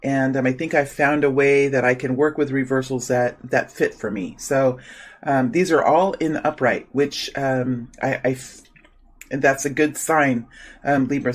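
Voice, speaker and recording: A man doing a solo tarot reading, speaking softly and repeating invocations while shuffling, with his morning voice. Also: mid-range voice, poor audio. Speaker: tarot reader.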